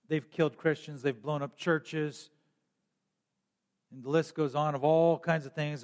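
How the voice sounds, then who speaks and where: A man preaching a sermon as pastor, with emphatic rises and frequent throat clearing. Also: fairly high pitch, steady tone, a little slow, long pauses, long reverb tail.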